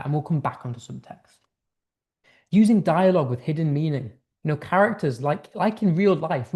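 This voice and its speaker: British guy tutoring english, mellow tone, rambly with lots of ums. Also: fairly high pitch, vocal fry. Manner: conversational, many fillers and restarts, acts out example tones. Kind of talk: teaching lesson.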